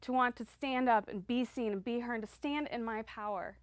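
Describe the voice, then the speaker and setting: A middle-aged woman giving a heartfelt motivational talk, speaking earnestly with slow emphatic affirmations. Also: on the high side, no room sound.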